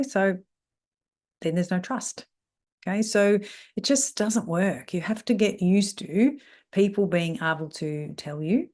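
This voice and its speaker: Woman, middle-aged, salon mentor, lowish voice, lively, talks straight to you. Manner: animated, mimics voices when quoting people. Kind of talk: talk on salon team issues.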